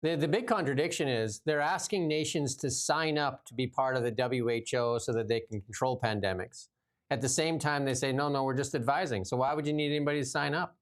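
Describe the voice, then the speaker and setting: Male host, blunt and animated, casual talk. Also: medium pitch, brisk. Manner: animated, blunt, laughs often. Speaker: show host. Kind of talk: casual political talk show chat.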